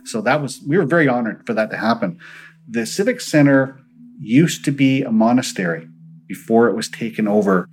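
A man's voice: mid-range voice, animated, normal speed, poor audio. A man, a paranormal investigator, earnestly recounting his investigations in an interview and acting out the dialogue he quotes.

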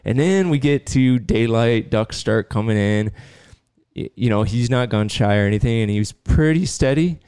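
A man hosting a podcast, telling a long story in a casual, animated way and laughing now and then. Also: mid-range voice, moderate pace, clean tone, no echo, studio quality. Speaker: podcast host and dog trainer.

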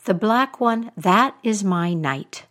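Speaking slowly in an animated, medium-pitched voice, a female narrator plays a frightening old witch. The character is stern, blunt and sharp, issuing her words in a commanding way.

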